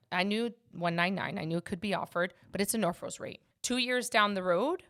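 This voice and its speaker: Bright, forceful woman podcast host. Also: medium pitch, a little fast. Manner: emphatic, passionate, talks to listeners directly. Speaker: podcast host and mortgage agent. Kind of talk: casual podcast chat.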